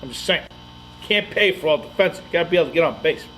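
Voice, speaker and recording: Picture a man with a somewhat high voice that swings widely in pitch as he talks sports. He is blunt and swears freely, laughing between jabs. A faint hiss sits under his voice. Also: lively intonation, fast talker. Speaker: podcast co-host. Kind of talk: casual sports chat.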